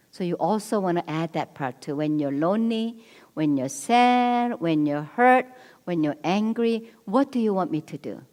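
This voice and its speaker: A woman's voice: medium pitch, darkish tone. A middle-aged woman speaking at a church marriage seminar, earnest and coaching, repeating her key points. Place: church hall. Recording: long reverb of a church hall.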